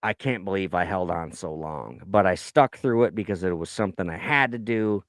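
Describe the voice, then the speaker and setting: A man's voice: low-pitched, normal speed, no room sound, clean studio sound. A man co-hosting a casual podcast from the United States, ranting with heavy swearing and mimicking people in his stories. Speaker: podcast co-host. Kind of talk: crude casual chat.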